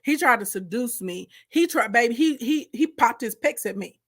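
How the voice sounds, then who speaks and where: A woman's voice: on the high side, animated, moderate pace, fairly bright tone. A woman voicing a scheming, lustful rich wife who turns indignant when refused.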